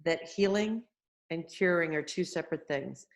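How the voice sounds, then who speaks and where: A woman's voice: sits low, normal speed. A woman doctor as a guest, earnestly explaining her view with frequent restarts. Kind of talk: conversational interview.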